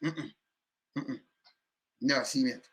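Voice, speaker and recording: A man's voice: medium pitch, a little slow, fairly bright tone. A Jamaican man giving heated, emphatic commentary in patois, repeating himself and cursing often.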